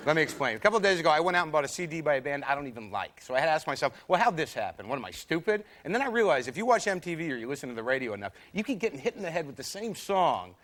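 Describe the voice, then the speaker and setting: A man's voice: a little high, big pitch swings, racing, hardly any pauses, a bit bright. A man doing a stand-up set on a TV studio stage, acting out the voices of the people he describes. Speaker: stand-up comedian. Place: TV studio stage before an audience. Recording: broadcast stage sound with audience laughter. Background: audience laughing.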